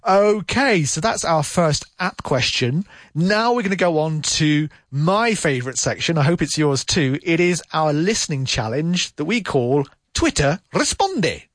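A man hosting a radio English lesson, patiently repeating phrases slowly to demonstrate pronunciation. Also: fairly high pitch, big pitch swings, dry recording. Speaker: English teacher and show host.

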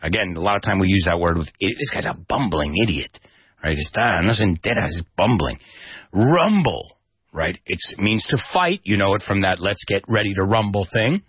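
A man with a low, husky voice hosts a radio English lesson, swinging his pitch around as he acts out and spells each word. The sound is dry and a little dull, like a radio broadcast. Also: fairly quick, no echo. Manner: animated, demonstrative, spells words out. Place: radio studio.

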